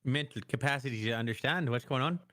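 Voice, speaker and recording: A man appearing as a guest on a casual chat podcast, playful and quick to slip into silly voices. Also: mid-range voice, bright, forceful tone. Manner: playful, jumps into silly accents.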